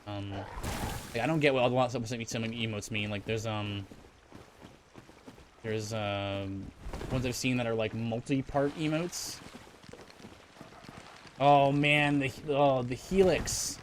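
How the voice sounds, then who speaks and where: A man's voice: mid-range voice, steady tone, takes it slowly, pauses often, a little hiss or hum. A man streaming a game, chatting casually with viewers in a rambling way, often restarting his sentences. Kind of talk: casual gameplay commentary.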